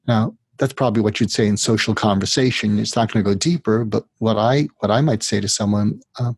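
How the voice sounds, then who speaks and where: A man's voice: lowish voice, brisk, few pauses, slightly rough, no room sound. A man, a psychiatrist, being interviewed, who explains his method step by step and now and then acts out what a troubled patient might say. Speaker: psychiatrist guest.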